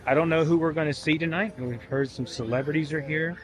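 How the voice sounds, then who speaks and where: A man narrating a walking vlog outdoors at a theme park event, excited and chatty, talking straight to his viewers. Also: on the high side, a little fast, soft background music. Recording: crowd noise behind.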